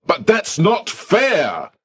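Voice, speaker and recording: A man voicing an indignant newly dead man who shouts and pleads in outrage at heaven's reception desk. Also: high-pitched, wildly swooping pitch, takes it slowly, breathy edge, pitched above the performer's own voice, heavily acted. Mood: outraged.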